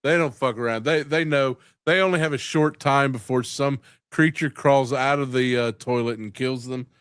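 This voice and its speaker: A man's voice: medium pitch, fairly even intonation, moderate pace, fairly bright tone, smooth, dry recording, clean studio sound. A man hosting a casual live-stream chat, rambling and profane and laughing often. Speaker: host.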